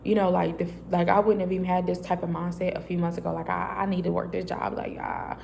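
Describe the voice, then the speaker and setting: Animated woman sharing a faith story. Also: fairly low pitch, quick pace, creaky, slight background noise. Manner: animated storytelling, acting out her own dialogue; casual, loose and chatty with many fillers. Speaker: vlogger. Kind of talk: casual faith testimony vlog. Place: a quiet private space.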